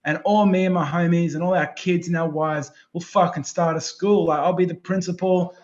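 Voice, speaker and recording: A man, a podcast guest in casual chat, who swears constantly and rambles excitedly from one thought to the next. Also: high voice, moderate pace. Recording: slightly dull lo-fi sound.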